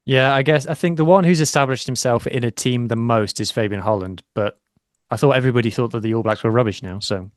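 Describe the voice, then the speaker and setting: A man's voice: medium pitch, fast talker, no room sound. Chatty man, dry close sound. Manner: chatty, self-deprecating. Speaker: podcast co-host. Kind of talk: casual chat.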